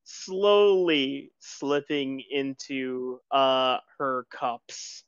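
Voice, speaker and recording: A man narrating a tabletop game as game master, relaxed and chuckling with lots of fillers. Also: mid-range voice, drawn-out words, smooth, no room sound. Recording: dull lo-fi sound.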